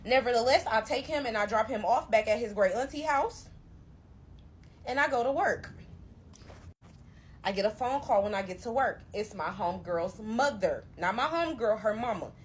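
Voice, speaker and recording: A young woman telling a personal story to camera, animated and emphatic, talking straight to her listeners. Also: on the high side, normal speed, slight background noise. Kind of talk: storytime narration.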